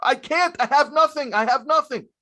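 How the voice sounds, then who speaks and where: A man's voice: normal speed, sharp tone, no room sound, clean studio sound. Man putting on a whiny pleading husband. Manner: pleading, high-pitched complaining. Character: whiny worn-out husband begging for love.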